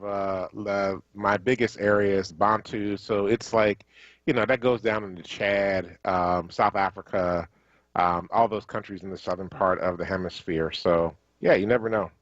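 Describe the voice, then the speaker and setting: Low-voiced male radio host, dry sound. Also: moderate pace, no echo. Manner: relaxed, conversational, ends by signing off the show. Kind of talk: casual radio talk. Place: radio studio. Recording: dull lo-fi stream audio.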